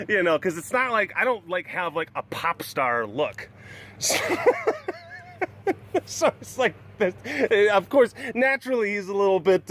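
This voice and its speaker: Man, webcast host, rambling casual storytelling, self-deprecating, fairly high voice, faint background hum. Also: a bit bright.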